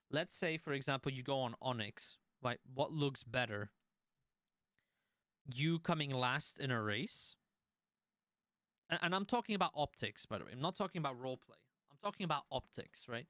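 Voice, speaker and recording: Smooth, dry-voiced man talking casually. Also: medium pitch, a bit bright, no room sound. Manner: conversational, restarts and swears while telling a story. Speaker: streamer. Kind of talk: casual stream talk.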